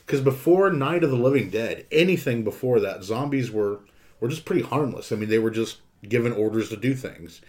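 A man's voice: medium pitch, expressive, a little fast, a little mellow. A man co-hosting a casual podcast, emphatic and ranting, swearing as he makes his point. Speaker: podcast co-host. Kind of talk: casual chat.

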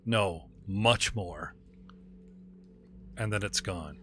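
A man serving as game master for a tabletop role-playing session, describing scenes and asking for rolls. He is animated, laughs easily, and drops into quick voices for minor characters. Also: on the low side, soft background music. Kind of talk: narrating a tabletop game over video call. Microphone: video call.

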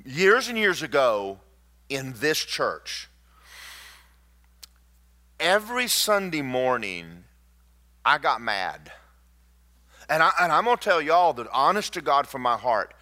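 A man, a pastor telling stories in a sermon, emphatic and swinging between loud and hushed. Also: medium pitch, very animated, slow pace, pauses often.

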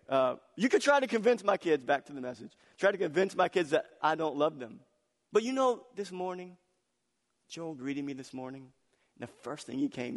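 Guy preaching a sermon, kinda high voice, lots of echo like a big church, gets loud then goes quiet. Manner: animated storytelling with laughs, swinging loud and soft. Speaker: pastor. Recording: long hall reverb.

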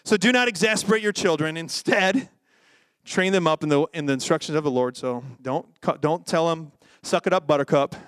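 High-voiced joking male preacher. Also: brisk, clear, resonant tone, no echo, clean studio sound. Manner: lively, joking, acts out quoted voices. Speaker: pastor. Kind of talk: sermon.

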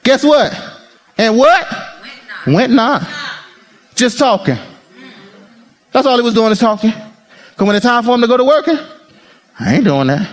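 A male pastor preaching a sermon in call-and-response style, acting out prayers and quotes, moving between excited bursts and low murmured prayer. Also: measured pace, pauses often.

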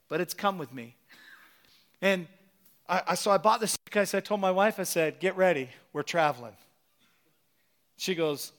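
High-voiced preacher telling his story. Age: middle-aged. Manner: animated, acts out quotes in his story. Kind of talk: sermon storytelling.

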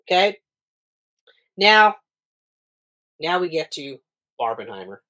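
Animated man telling stories on a podcast. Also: fairly high pitch, takes it slowly. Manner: animated storyteller who acts out quotes and swears freely. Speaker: podcast co-host. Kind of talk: casual chat.

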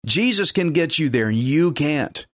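A man's voice: a little high, lively intonation, measured pace, fairly bright tone, no echo. A man preaching a sermon in an urgent, emphatic, exhorting way.

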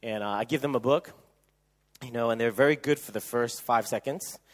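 A man speaking at a youth camp, telling funny stories sermon-style and acting out other people's voices with loud shrieks. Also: medium pitch, a little fast. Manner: animated, acts out quoted voices with loud shrieks. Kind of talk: humorous sermon storytelling.

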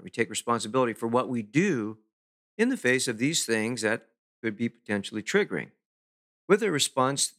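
A man giving a self-help talk in an emphatic, deliberate way, pausing to stress key words. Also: mid-range voice, a bit bright. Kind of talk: motivational talk to camera.

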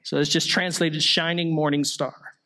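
A man's voice: a little high, little pitch movement, moderate pace, pushed and bright. A male pastor delivering a sermon, explaining scripture through rhetorical questions and the occasional small joke.

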